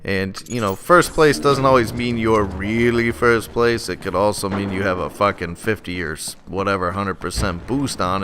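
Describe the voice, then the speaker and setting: Profane, excitable man narrating gameplay. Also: low voice. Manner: excitable, profane, frustrated ranting. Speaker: gaming channel host. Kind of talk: gameplay commentary voice-over. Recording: noisy background.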